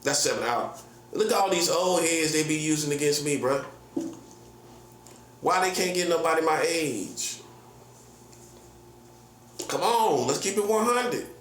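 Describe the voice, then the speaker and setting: A man's voice: on the high side, lively intonation, measured pace, pauses often, a bit bright. A man in his forties, a prophet, ranting casually in slangy, repetitive, boastful talk. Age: 40s. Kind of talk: casual vlog rant. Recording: echoey room with faint hum.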